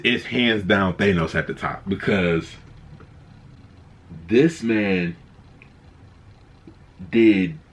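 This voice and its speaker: A man giving a casual spoken movie review, excited and rambling, often restarting his sentences. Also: mid-range voice, slightly rough.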